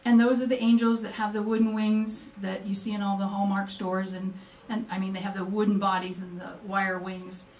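Her voice mid-range and a little mellow, an older woman speaks at a moderate pace with little pitch movement and few pauses. She is telling her story earnestly at a memorial event in a museum presentation room, acting out past conversations. The distant mic picks up an echoey room.

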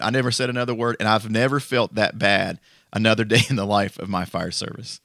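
Bright, low-voiced firefighter man. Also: fast talker, gravelly, no room sound, studio quality. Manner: lively anecdotes with self-deprecating laughs. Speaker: firefighter and co-host. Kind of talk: casual chat, storytelling.

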